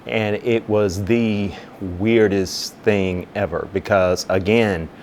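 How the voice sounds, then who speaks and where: A man, a fire captain, telling a long personal story in an interview, acting out both sides of the conversations in a relaxed, chatty way. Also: lowish voice, slow, a little hiss or hum. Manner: relaxed, conversational, with many "you know" asides. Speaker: fire captain and business owner.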